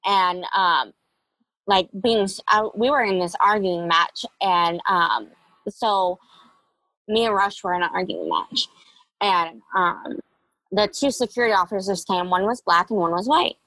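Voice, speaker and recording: A woman's voice: mid-range voice, expressive, measured pace, pushed and bright, no room sound, poor audio. Candid young woman retelling a hard story. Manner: candid, reflective, with frequent fillers. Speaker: interview guest. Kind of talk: personal storytelling interview.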